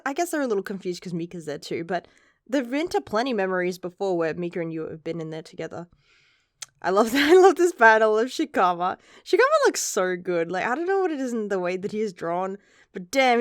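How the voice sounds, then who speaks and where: A woman reviews a chapter in a loose, chatty way, rambling and swearing casually. Her voice sits at a middle pitch, and the recording is dry and close. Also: dry recording. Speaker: manga reviewer.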